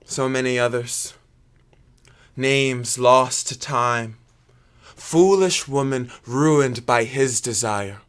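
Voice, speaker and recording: Actor as a brooding young prince, earnest, mid-pitched, often hushed. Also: male voice, slow pace, smooth, natural voice. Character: young prince torn by forbidden love. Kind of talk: stage drama acting.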